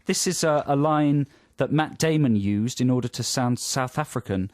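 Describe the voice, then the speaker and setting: A man's voice: medium pitch, moderate pace, no room sound. A man co-hosting a casual radio chat in a studio, jokily reading from an article. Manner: jokey, reads out from an article. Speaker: radio co-host. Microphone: studio microphone.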